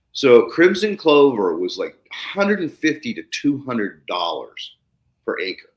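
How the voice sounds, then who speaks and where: A podcast host with a low voice tells stories in a casual conversation at a measured pace, his delivery animated and full of big swings. When acting out excitement or surprise, his voice jumps sharply higher, and he swears casually. The sound is roomy and echoey.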